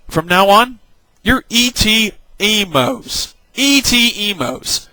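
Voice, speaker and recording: A man's voice: sits high, very animated, takes it slowly, bright, forceful tone, dry recording, rough recording. A young man giving an angry, exasperated rant about an online game, swearing and mocking other players with sarcasm. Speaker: gaming vlogger.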